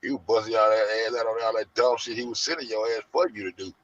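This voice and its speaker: A man, ranting loud and profane to his online audience in heavy slang. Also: on the low side, quick pace, over a noisy crowd. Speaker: show host. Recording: muffled lo-fi audio.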